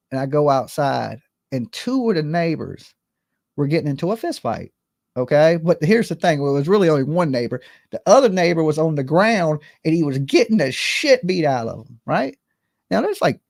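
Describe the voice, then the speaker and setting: A man's voice: fairly high pitch, gravelly, no room sound, clean studio sound. A man giving casual, profane commentary, telling stories with lots of asides and rhetorical questions. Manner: animated, profane storytelling with many asides. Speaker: commentary streamer.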